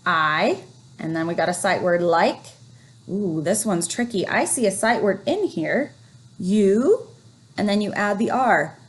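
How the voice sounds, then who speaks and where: A woman teacher leading a phonics lesson for young children, reading words slowly and encouragingly. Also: mid-range voice, lively intonation. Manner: slow, encouraging, drawn-out reading.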